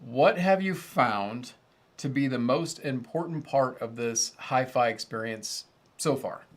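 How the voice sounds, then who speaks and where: A man's voice: mid-range voice, lively intonation, measured pace. A man in his thirties hosting a casual livestream about audio gear, rambling and joking about himself. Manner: rambling, self-deprecating and chatty. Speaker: host of an audio gear channel.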